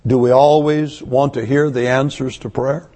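A man's voice: mid-range voice, fairly even intonation, normal speed, dark tone. A man preaching a sermon to his church, emphatic and asking one rhetorical question after another. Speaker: pastor. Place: church service.

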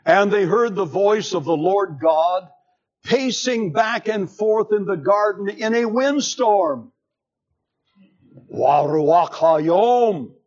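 A man preaching a sermon, slow and emphatic, with dramatic swings in pitch. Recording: dull lo-fi sermon recording.

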